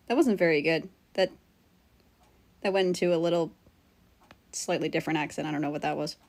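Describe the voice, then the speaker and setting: This livestreaming artist has a low, darkish voice with fairly even intonation and a slightly fast pace. She draws while chatting casually with her viewers, laughing a lot and making fun of herself.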